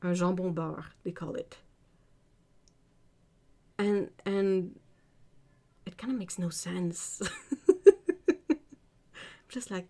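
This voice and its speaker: A woman's voice: fairly low pitch, takes it slowly, long pauses, dark tone. A woman from Britain hosting a casual art livestream, reading viewer comments aloud, chatting and laughing often. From United Kingdom.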